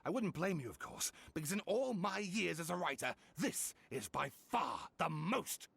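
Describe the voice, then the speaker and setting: A theatrical, excitable writer. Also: male voice, on the high side, normal speed, gravelly, husky, heavily acted. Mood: dramatic. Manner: theatrical, excitable, dramatic build-ups. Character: eager male scholar-writer, theatrical and chatty.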